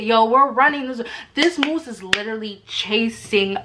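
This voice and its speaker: A woman's voice: on the high side, moderate pace, background noise. A woman in her twenties from Alaska, chatting casually to camera at home and telling stories with lots of fillers. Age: 20s. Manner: animated, talks with lots of fillers. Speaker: vlogger. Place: home room.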